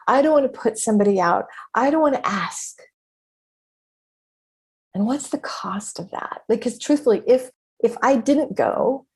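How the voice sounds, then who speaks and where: A woman's voice: mid-range voice, a little mellow, husky. A middle-aged woman hosting a podcast, talking candidly and expressively and swearing freely as she reflects. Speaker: podcast host and business mentor. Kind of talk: casual spoken reflection.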